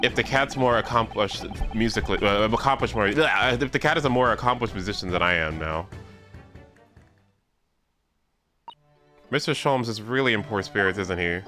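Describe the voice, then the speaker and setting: A man voicing a gloomy, eccentric male detective, reading the game lines slowly and dramatically in a lowered voice. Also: sharp tone, soft background music. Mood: sulking. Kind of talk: live reading of game dialogue.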